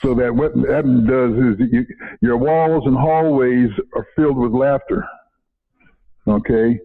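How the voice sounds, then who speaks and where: Older man, husky voice, rambling, repeats words, tinny phone-like sound. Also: medium pitch, measured pace. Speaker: interview guest, retired educator. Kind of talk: casual interview storytelling. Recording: phone-like narrow audio.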